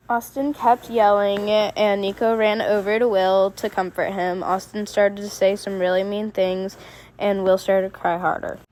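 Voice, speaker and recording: A woman narrating a fan story in a plain, steady way. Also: mid-range voice, moderate pace. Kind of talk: reading a fan story aloud.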